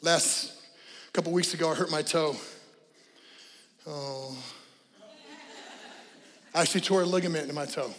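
A middle-aged male pastor preaching with animated energy, swinging between shouted exhortation and joking asides. His voice is fairly high for a man. It carries through a large church with a long, trailing reverb. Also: measured pace, long pauses. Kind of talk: sermon. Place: church sanctuary.

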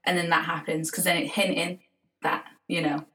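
A woman's voice: lowish voice, little pitch movement, normal speed, distant mic, a crowd in the background, poor audio. A woman co-hosting a casual podcast chat, enthusiastic, swearing and calling her friend "baby". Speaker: podcast co-host.

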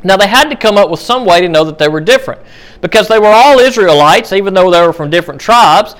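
A man's voice: high voice, animated, quick pace, a bit bright. A man teaching a Bible study class in a conversational way, with many fillers and restarts. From United States.

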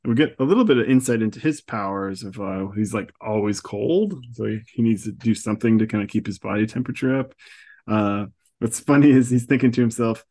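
A man's voice: fairly low pitch, fairly quick, mellow. A man hosting a podcast, casually recapping a comic book with fillers and chuckles. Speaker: podcast host.

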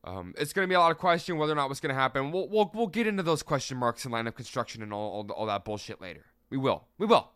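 A man's voice: mid-range voice, lively intonation, racing, hardly any pauses, a bit bright, clean tone, dry recording, clean studio sound. A young man hosting a casual solo sports podcast, speaking candidly and emphatically and swearing freely. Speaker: podcast host.

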